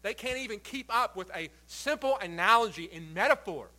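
A male pastor preaching a sermon, reading scripture aloud and then explaining it with swings between quiet and forceful emphasis. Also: high-pitched, animated, moderate pace, poor audio. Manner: reads scripture then preaches with shifting loud and soft emphasis.

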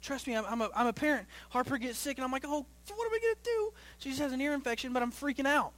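A young male pastor with a very high-pitched voice preaches a sermon. He builds to loud, rising passages, then sinks low and quiet, often repeating himself and restarting phrases. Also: fairly even intonation, racing.

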